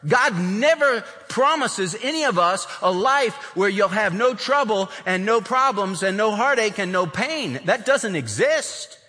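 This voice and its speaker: A man preaching an expository sermon in an animated way, acting out the voices of the people he quotes, in a large church sanctuary. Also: high-pitched, unhurried, hardly any pauses. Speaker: pastor. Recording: long reverb of a large hall.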